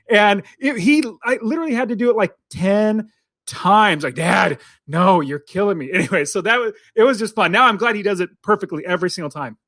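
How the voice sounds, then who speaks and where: Rambling high-voiced man in a dry basement. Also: fairly bright tone, no room sound. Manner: rambling, laughing, many fillers. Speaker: podcast co-host. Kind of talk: casual chat.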